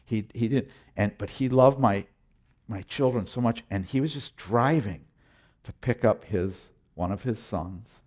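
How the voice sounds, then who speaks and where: A middle-aged man preaching a sermon as pastor, emphatic, often repeating words and swinging from loud declarations to hushed, tender moments. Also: on the low side, measured pace.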